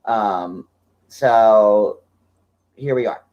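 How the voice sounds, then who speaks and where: A man's voice: lowish voice, very slow, lo-fi sound. Chatty man in his forties hosting. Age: 40s. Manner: chatty, fillers of "like" throughout. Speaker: livestream host. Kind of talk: casual livestream chat.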